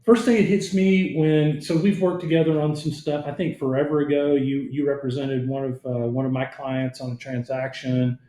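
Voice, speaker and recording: Podcast host in an echoey room. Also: male voice, mid-range voice, little pitch movement, normal speed, hardly any pauses, dark tone. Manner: friendly, conversational with fillers. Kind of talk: casual podcast interview. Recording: roomy echo.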